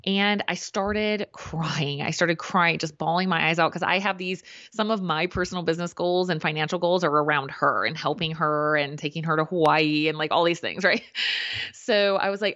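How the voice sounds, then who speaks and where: A woman with a somewhat low voice tells a personal story over a remote call, chatty and animated, acting out the people she quotes. The audio is dull and lo-fi, with a dry, close sound. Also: normal speed, dry recording. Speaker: podcast co-host. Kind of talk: casual conversational storytelling.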